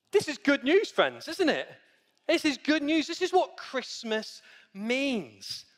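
A man's voice: sits high, in a large hall. A man preaching a sermon in a church, earnest and repetitive, calling his listeners friends and guys. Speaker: pastor.

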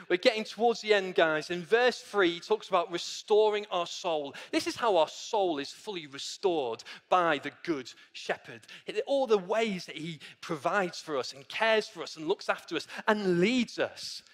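A man's voice: high voice, fairly bright tone, in a large hall. A man preaching a sermon in a church, earnest and repetitive, calling his listeners friends and guys. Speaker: pastor.

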